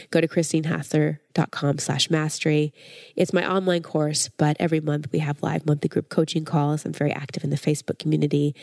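A woman's voice: low voice, gravelly, darkish tone, dry recording, clean studio sound. A woman hosting a podcast, giving earnest, encouraging advice to listeners while a cold leaves her voice stuffy and nasal. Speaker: podcast host and life coach.

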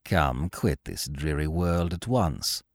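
A man voicing a gloomy male spirit who urges suicide, speaking low, hushed and sulky. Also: very animated, no echo, clean studio sound, exaggerated voice. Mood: grim. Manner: sulky, sinister, drawn-out.

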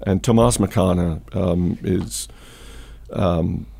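Slowly and steadily, a podcast host with a deep, warm voice and some vocal fry tells stories and chats casually about markets. He often uses fillers and restarts his sentences.

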